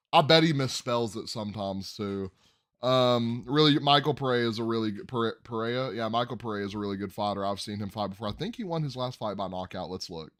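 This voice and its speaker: A man with a smooth, resonant voice hosts a laid-back sports podcast. He rambles cheerfully and stumbles over tricky names, restarting them mid-word. His pitch sits in an ordinary middle range. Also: fairly bright tone. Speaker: podcast host. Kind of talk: casual sports chat.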